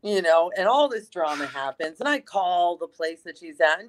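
A woman chatting casually and telling an animated story, swearing freely and using lots of fillers. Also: fairly low pitch, normal speed, hardly any pauses.

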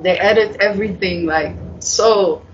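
A guest talks loosely through an interview, halting often and swearing freely. The voice sits at a middling pitch. The recording is dull and lo-fi. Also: slight background noise. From Netherlands. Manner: rambling, halting, many fillers, swears freely. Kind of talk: casual storytelling.

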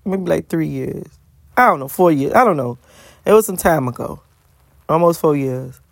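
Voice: medium pitch, lively intonation, moderate pace, creaky, no echo. Blunt, profane vlogger telling a life story. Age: adult with school-age kids. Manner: blunt, profane, emphatic repetition. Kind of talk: casual storytelling monologue.

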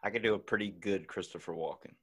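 A man's voice: sits low, fast, a bit bright, slightly rough. A man hosting a comedy podcast, playing along with his guests' jokes in casual chat.

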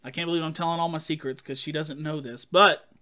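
A man co-hosting a podcast, chatting casually and telling playful stories with quick jokes. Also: on the high side, steady tone, pushed and bright. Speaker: podcast co-host. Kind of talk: casual chat.

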